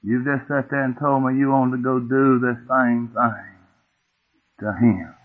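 A middle-aged man preaches in a folksy, homespun way, turning to the congregation with questions. His pitch sits in an ordinary middle range. The recording is thin and tinny, like an old tape heard down a phone line. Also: fairly even intonation, a little slow. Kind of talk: sermon storytelling.

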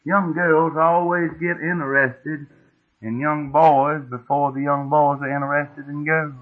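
A man's voice: on the high side, level tone, measured pace. A middle-aged man, preaching a sermon as a folksy, homespun story, often asking the congregation questions. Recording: tinny phone-like old tape.

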